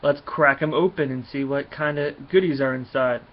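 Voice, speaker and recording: A man reading aloud the lines of a dim, brutish male mutant thug in a slangy, slowed delivery. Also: mid-range voice, steady tone, natural voice. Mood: gleeful. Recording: dull lo-fi recording.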